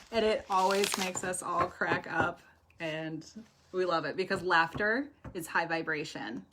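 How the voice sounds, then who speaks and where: Woman tarot reader, unhurried, chatty and warm-hearted, noisy live-stream sound. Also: mid-range voice. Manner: chatty, affectionate, laughs often. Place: home, live video stream.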